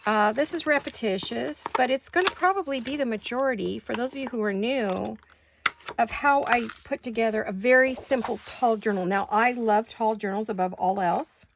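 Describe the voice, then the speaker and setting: A woman hosting a crafting channel chats casually at home while she works, rambling and correcting herself, all while she has the hiccups. Her voice is fairly high, at normal speed, with background noise in the recording.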